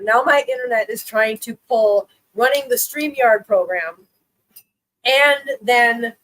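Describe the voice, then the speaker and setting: A woman's voice: on the high side, rough recording. A woman hosting a casual live stream who chats with viewers, laughs often and coos baby talk at her cats.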